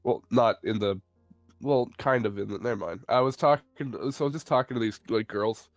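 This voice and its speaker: Young man, casual stream chat, rambling, profane, self-mocking, soft music underneath. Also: mid-range voice, fairly quick, dry recording. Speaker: co-host of a live stream.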